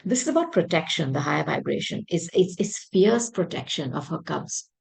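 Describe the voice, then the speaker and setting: A woman with a low, husky voice gives a tarot reading to her viewers. She speaks emphatically and by intuition, doubling words for stress and clearing her throat now and then. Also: animated, normal speed, darkish tone, low-quality recording. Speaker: tarot reader.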